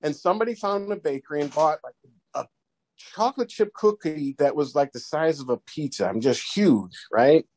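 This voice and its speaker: A man guest on a podcast, telling goofy stories in a rambling, animated way with many restarts. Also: a little high, moderate pace. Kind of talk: casual storytelling.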